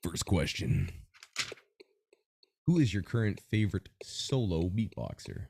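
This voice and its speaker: Man, podcast host, deep, warm tone, energetic announcer style. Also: unhurried, vocal fry, slightly rough. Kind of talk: hype-style interview hosting.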